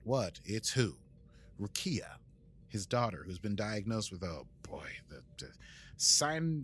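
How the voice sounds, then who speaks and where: This is an American man with a fairly low voice, co-hosting a podcast. He recaps an episode in a casual, rambling way. He restarts often and keeps slipping jokes in. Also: a bit bright. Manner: rambling and jokey, with many fillers and restarts. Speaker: podcast co-host.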